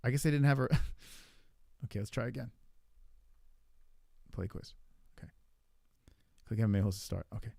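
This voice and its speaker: A man hosting a casual podcast, thinking aloud while he plays a quiz, with lots of swearing, fillers and halting repeats. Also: medium pitch, vocal fry, warm tone, dry recording, clean studio sound. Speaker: podcast host. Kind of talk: casual chat while playing an online quiz.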